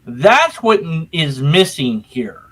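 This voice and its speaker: A man's voice: on the high side, very animated, takes it slowly, fairly bright tone. A man giving casual debate commentary, dry and teasing. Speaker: video creator responding to arguments.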